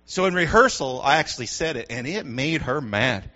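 A man's voice: mid-range voice, expressive, normal speed, sharp tone. A middle-aged man, a pastor, preaching a sermon with call-and-response asides to the congregation. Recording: dull lo-fi sound.

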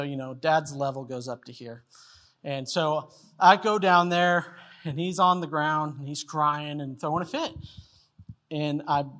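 A man's voice: fairly high pitch, a bit bright. A man in his thirties preaching a sermon as pastor, telling a family story and acting out its voices. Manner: storytelling, acts out voices in anecdotes.

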